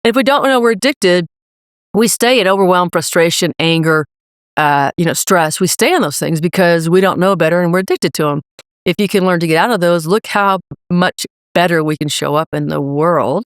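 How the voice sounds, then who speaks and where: Middle-aged woman coach, punchy motivational talk, smooth voice, dry sound. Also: on the low side, a little fast, no room sound. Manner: emphatic, energetic motivational speaker. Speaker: leadership coach and guest. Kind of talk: podcast interview.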